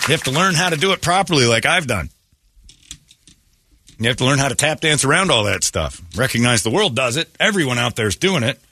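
A man's voice: medium pitch, expressive, fairly quick, pushed and bright, a faint crowd. A man hosting a morning radio show, talking in a crude, joking, rambling way at a studio mic. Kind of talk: casual morning radio chat.

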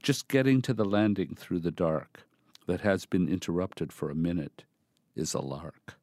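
A man reading a poem aloud in a measured, deliberate recitation. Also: deep voice, darkish tone, no room sound, clean studio sound. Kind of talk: poetry reading.

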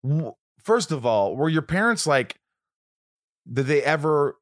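A man's voice: a little high, a little slow. A man hosting a casual chat, telling stories animatedly and acting out quotes, with some swearing. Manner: animated storyteller, acts out quotes, profane.

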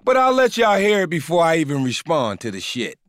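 A man's voice: on the high side, wildly swooping pitch, brisk, no echo, studio quality. A man hosting a podcast, narrating between clips in a casual, slangy way. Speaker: podcast host.

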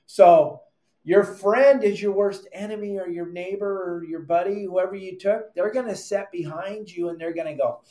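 A man's voice: sits high, darkish tone, roomy sound. A man hosting a fishing podcast, giving emphatic, repetitive advice and calling his listeners "gang". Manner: emphatic, repeats points, addresses listeners as "gang". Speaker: fishing podcast host and charter captain. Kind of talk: animated advice monologue.

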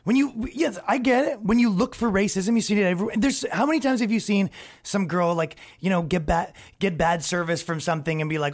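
A man's voice: high voice, brisk. Male podcast host; loose, profane, sarcastic rant with lots of restarts. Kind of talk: comedic rant.

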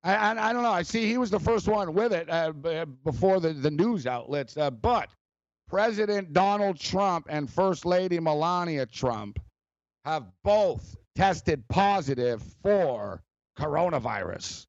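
A man hosting a sports talk show, rambling and animated, with many fillers and frequent laughs. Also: a little high, a little slow, dry recording, lo-fi sound. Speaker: sports radio host.

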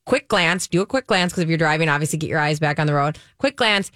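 A woman's voice: low voice, expressive, fast, fairly bright tone, no room sound, clean studio sound. A woman, co-hosting a radio talk show and telling chatty stories. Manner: chatty, tells stories with quoted voices. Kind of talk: casual chat.

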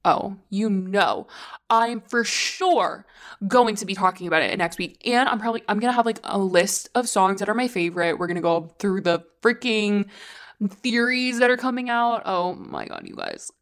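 A woman's voice: mid-range voice, normal speed. Woman, podcast host, casual solo chat, gushing, rambling, filler words, casual swearing.

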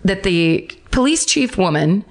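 A woman co-hosting a podcast in casual chat, animated and emphatic, with some swearing. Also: mid-range voice, unhurried. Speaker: podcast co-host.

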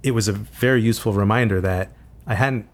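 Thoughtful low-voiced man, halting speech. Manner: thoughtful, halting, with frequent restarts. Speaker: author guest. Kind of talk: reflective conversational interview.

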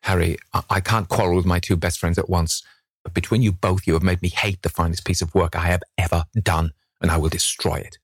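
An earnest, devoted painter, as a man voices him in an audiobook talks in a sincere, wounded manner. His tone is deep and husky, and the recording is dry. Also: steady tone, a little fast, dry recording. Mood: exasperated.

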